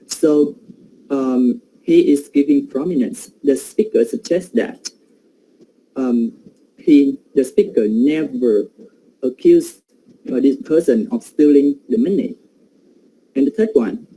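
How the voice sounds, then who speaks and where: Dark-voiced man giving a hesitant lecture. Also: mid-range voice, expressive, slow, pauses often, slightly rough, rough recording. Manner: hesitant, many fillers. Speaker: presenter. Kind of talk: academic presentation on pronunciation.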